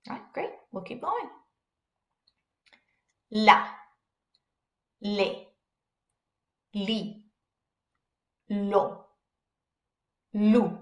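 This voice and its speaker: A woman teaching a beginner language lesson, pronouncing syllables one by one with slow, careful enunciation. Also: medium pitch, roomy sound. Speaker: Spanish teacher.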